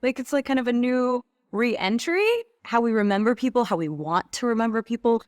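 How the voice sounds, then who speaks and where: A woman's voice: a little high, a little fast, no echo. Earnest woman coach, dry close sound. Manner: flowing and earnest, with frequent "like" fillers. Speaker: guest, women's retreat leader. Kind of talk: reflective conversational coaching talk.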